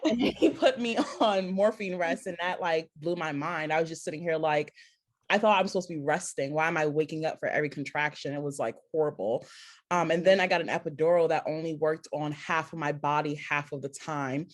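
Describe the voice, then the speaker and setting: A woman with a somewhat low voice chatting casually on a panel podcast. She tells her stories with energy, acting out what people said and leaning heavily on "like." She laughs easily as she goes. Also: a little fast. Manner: lively storyteller who acts out quotes, heavy "like"; laughs often while talking. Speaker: podcast co-host.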